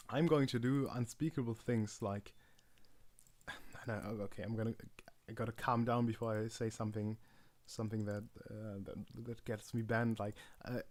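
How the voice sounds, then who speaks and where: A young man live-streaming, exasperated, swinging between muttered complaints and loud outbursts. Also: lowish voice, fairly even intonation, normal speed. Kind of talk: frustrated live-stream chatter.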